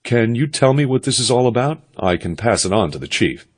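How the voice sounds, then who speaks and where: A man voicing a suspicious, smooth male political advisor with a hearty, hail-fellow-well-met tone in an audiobook. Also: mid-range voice, sing-song, brisk, voice pushed up. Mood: guarded.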